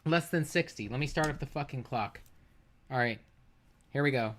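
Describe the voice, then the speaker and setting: A man's voice: mid-range voice, normal speed, fairly bright tone, a little hiss or hum. Heated, swearing male streamer arguing points. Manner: profane, argumentative, exasperated, often laughing. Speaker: streamer reacting to a debate. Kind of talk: heated livestream commentary.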